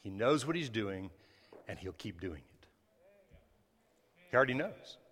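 A male pastor preaching a sermon during a church service. He talks conversationally, breaks into sudden loud bursts, and adds apologetic asides. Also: lowish voice, big pitch swings, a little slow, slightly rough, long reverb tail.

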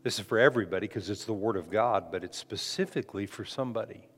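A man's voice: lowish voice, quick pace, breathy edge. A man preaching a conversational sermon as a pastor, often restarting his phrases. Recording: long hall reverb.

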